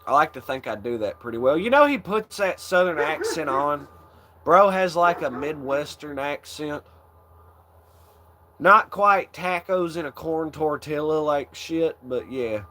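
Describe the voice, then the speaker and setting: A man's voice: fairly high pitch, expressive, unhurried, bright, forceful tone. A young man hosting a casual chat, rambling in a laid-back way, swearing often and laughing along. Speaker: channel host.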